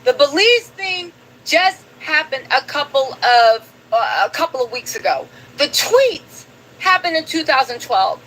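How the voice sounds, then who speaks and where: A woman hosts a live commentary stream and talks emphatically as she scolds her audience. Her voice sits high. A light hiss runs underneath. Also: big pitch swings, unhurried, fairly bright tone, low-quality recording. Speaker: commentary show host.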